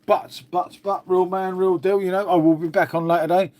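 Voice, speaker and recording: A man's voice: high voice, steady tone, normal speed, a little mellow. Rambling, matey man. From England. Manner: rambling, swears a lot, says "mate" constantly. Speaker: livestream host. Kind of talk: casual live-stream chat.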